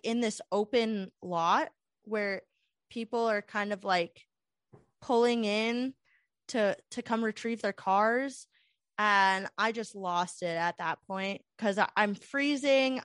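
A woman's voice: mid-range voice, clean tone, no echo, studio quality. A young woman telling a long story in a casual, rambling chat full of "like" fillers. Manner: rambling, animated, many "like" fillers.

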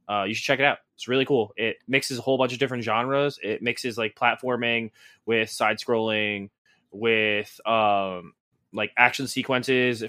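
Bright, sarcastic rambling male podcaster. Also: mid-range voice, no echo, clean studio sound. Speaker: podcast co-host. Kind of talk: casual podcast chat.

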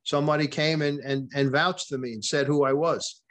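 A man's voice: a little high, fairly even intonation, moderate pace, a bit bright. A man, a podcast guest and author, telling a long story in a conversational way, often restarting and repeating words and quoting what people said. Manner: retells events with quoted dialogue.

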